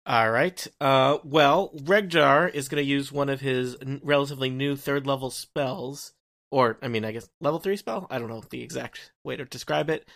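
A man's voice: mid-range voice, moderate pace, creaky, a bit bright. A man playing a tabletop game, making wry joking asides about his character. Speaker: player.

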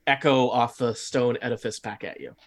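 Game master, male, mid pitch, halting narration with lots of fillers. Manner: hesitant, many fillers and restarts.

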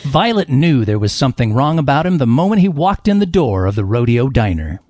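A man's voice: medium pitch, very animated, a little fast, a little mellow, no echo. Playful male game-show host, dry sound. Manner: playful, laughing, dramatic read-aloud delivery. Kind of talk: hosting a comedy panel game, reading book blurbs aloud.

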